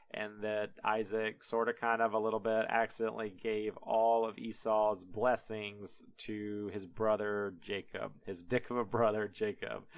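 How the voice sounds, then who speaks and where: A man's voice: lowish voice, a bit bright, smooth, no echo. A young man hosting a podcast, retelling a story in a casual, rambling way full of "like" and laughter. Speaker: podcast host.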